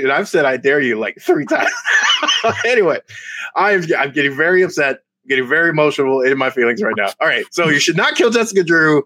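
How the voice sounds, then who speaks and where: Animated man ranting about comics. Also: a little high, a little fast. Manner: excitable, mock-outraged, laughs often. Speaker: podcast co-host. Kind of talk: casual comics review chat.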